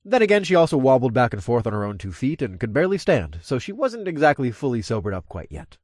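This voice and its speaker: A man's voice: medium pitch, wildly swooping pitch, fast, a little mellow, no room sound, studio quality. A man narrating a story in the first person, blunt and swearing freely. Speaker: narrator and lead character.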